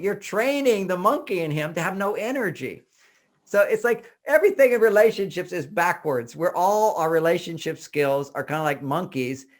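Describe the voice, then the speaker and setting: An older American man giving a relationship talk in a casual, animated way, acting out little cries and quoted voices. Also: sits high. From United States. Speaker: relationship author and speaker.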